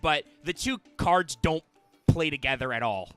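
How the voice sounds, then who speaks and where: Bright-voiced man hosting a gaming podcast. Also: fairly high pitch, animated, moderate pace, clear, resonant tone. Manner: joking, mock-insulting banter. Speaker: podcast host. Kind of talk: casual gaming podcast chat. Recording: music playing behind.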